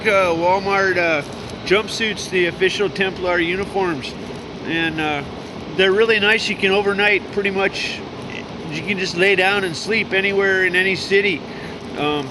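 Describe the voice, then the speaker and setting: A man's voice: high-pitched, steady tone, normal speed. Man ranting profanely on a noisy street. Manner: profane, stammering, lots of fillers. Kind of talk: rambling outdoor rant.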